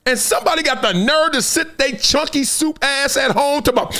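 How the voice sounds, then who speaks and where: A man's voice: very high-pitched, a little fast, hardly any pauses, sharp tone. A middle-aged man hosting a live sports talk stream, emphatic and speaking straight to his viewers, acting out other people's lines as he goes. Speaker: host. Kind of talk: animated live sports commentary.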